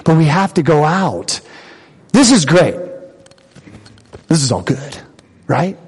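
A man preaching in a church, with a high voice that swings widely from line to line. His sermon acts out the voices of God and of his listeners, and he drives short phrases home by repeating them. The sound carries a long hall reverb. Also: sing-song, slow, husky. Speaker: pastor. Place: church sanctuary.

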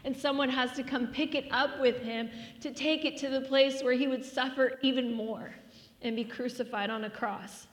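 A woman's voice: high-pitched, steady tone, moderate pace. Earnest woman preaching in a reverberant hall. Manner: earnest, drops to a hushed near-whisper in prayer. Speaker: pastor. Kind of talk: sermon with scripture reading and prayer.

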